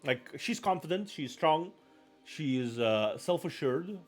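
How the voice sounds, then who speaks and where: A man's voice: fairly high pitch, lively intonation, slow pace, soft background music. A man chatting casually on a live stream, rambling and self-deprecating, apologizing often.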